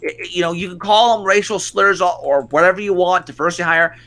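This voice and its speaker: A man's voice: high-pitched, fairly even intonation, fast talker, sharp tone. A man co-hosting an online show, ranting in profane casual commentary full of stumbling restarts. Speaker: stream co-host.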